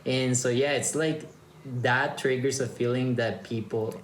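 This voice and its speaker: A man's voice: medium pitch, fairly even intonation, a little slow. A man from Mexico hosting a casual chat, rambling loosely and trailing off mid-sentence. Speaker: host. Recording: roomy echo with faint background noise.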